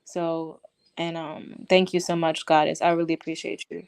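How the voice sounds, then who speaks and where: A woman hosting a live-stream chat, talking in animated, indignant bursts. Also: sits low, moderate pace, clear, resonant tone. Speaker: host.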